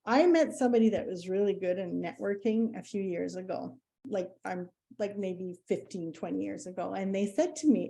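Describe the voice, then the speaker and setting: A woman's voice: medium pitch, moderate pace, vocal fry, few pauses. A woman giving a casual presentation, chatty and full of fillers, acting out bits of dialogue as she tells anecdotes. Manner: animated, acts out quoted dialogue. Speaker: presenter at a community meetup.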